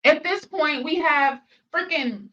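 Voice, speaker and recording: A woman's voice: high voice, slow, pushed and bright. A woman hosting a reaction video, challenging and questioning in a repetitive way. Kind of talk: reaction commentary. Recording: dull sound, distant from mic.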